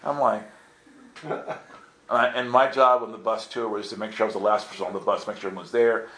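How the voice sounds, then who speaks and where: Animated man telling stories in an echoey room. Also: brisk, a little hiss or hum. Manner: acts out quotes with sudden high excited outbursts. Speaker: speaker telling stories to a group. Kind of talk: animated storytelling.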